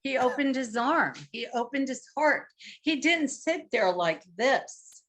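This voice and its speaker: A woman's voice: high-pitched, lively intonation, slow pace, a bit bright. A woman leading a live marriage workshop, coaching couples step by step and acting out example phrases.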